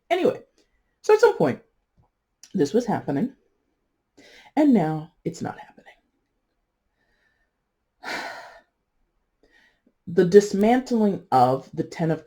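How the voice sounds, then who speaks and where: A tarot reader talks through a spread in a warm, mellow voice. The delivery is loose and chatty, full of "you know"s and side remarks, with laughter at their own jokes. Important words are drawn out slowly for stress. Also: medium pitch. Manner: chatty and digressive, with frequent asides and "you know". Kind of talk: casual tarot reading monologue.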